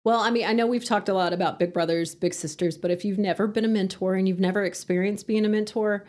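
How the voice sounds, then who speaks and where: A woman's voice: mid-range voice, fairly even intonation, quick pace, darkish tone. A middle-aged woman, a guest chatting casually in an interview, laughing often and acting out quotes. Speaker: podcast guest.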